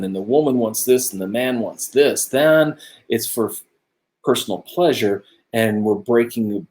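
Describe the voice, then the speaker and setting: Earnest lower-voiced man musing over scripture. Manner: earnest, musing, grows animated when making a point. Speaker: co-host of a religious discussion show. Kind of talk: casual Bible study discussion. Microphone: own camera close by, video stream.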